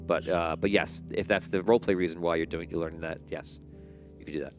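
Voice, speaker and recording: A man's voice: deep voice, fairly even intonation, quick pace, soft background music. A man acting as game master who rephrases himself as he explains rulings to his players. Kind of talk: running a tabletop game.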